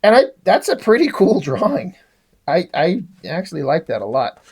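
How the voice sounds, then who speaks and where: A man's voice: high-pitched, wildly swooping pitch, moderate pace, darkish tone, breathy edge. A man casually reviewing a comic book, rambling and swearing freely, often restarting his sentences.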